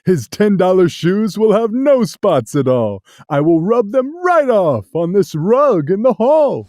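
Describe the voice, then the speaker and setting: A storyteller voicing a boastful, mischievous cat in a hat, in a low chuckling voice for a storybook reading. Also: sing-song, a little slow, darkish tone, dry recording, studio quality. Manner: chuckling, cocky, playful. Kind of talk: storybook read-aloud.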